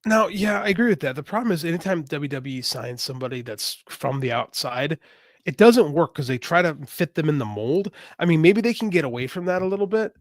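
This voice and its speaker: A man co-hosting a podcast in casual chat, animated and quick to agree, with exaggerated complaints. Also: a little high, no room sound, clean studio sound. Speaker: podcast co-host.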